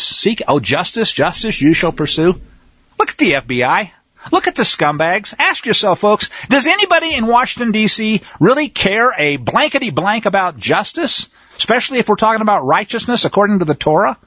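A man's voice: high-pitched, a bit bright, slightly rough, dry recording, highs cut off. A man preaching a sermon, reading scripture aloud and commenting in a folksy, fiery way.

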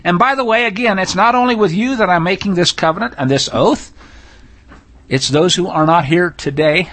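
A man delivers a sermon-style teaching on scripture, blunt and emphatic. His voice sits a little high for a man, and it climbs when he reads passages aloud with mounting intensity. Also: normal speed, fairly bright tone.

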